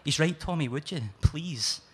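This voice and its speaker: A man's voice: on the high side, moderate pace, husky, pitched above the performer's own voice. A man reading his story aloud, voicing a teasing, pleading young pregnant woman in a raised voice. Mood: coaxing. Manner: coaxing, mock-pleading.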